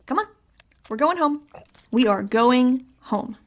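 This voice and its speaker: A woman's voice: high-pitched, animated, slow. A woman voicing an exasperated cat owner who scolds her runaway pet. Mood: scolding.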